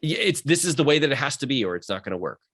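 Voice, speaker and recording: A male mindset coach, very animated, speaks rapidly and earnestly in a podcast conversation, his voice rising with emphasis as he motivates. The tone is mid-range and fairly bright.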